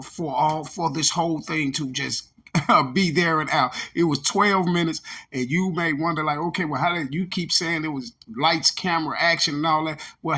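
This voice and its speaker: A man's voice: on the high side, sharp tone. A man giving casual commentary over video clips, talking straight to his viewers with lots of fillers. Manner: conversational, addresses viewers as y'all, many fillers. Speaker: commentator on a true-crime video.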